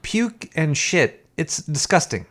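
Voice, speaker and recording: A man's voice: a little high, very animated, slow pace, fairly bright tone. A young man co-hosting a podcast in casual, rambling chat, laughing often and swearing. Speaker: podcast co-host.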